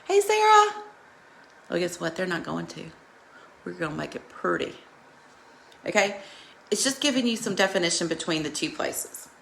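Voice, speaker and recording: Chatty woman with a gravelly voice. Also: lowish voice, very animated, normal speed, long pauses, a bit bright, slight background noise. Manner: chatty, greets viewers by name while demonstrating; reassuring, coaching tone. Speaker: makeup tutorial host. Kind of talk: live makeup tutorial.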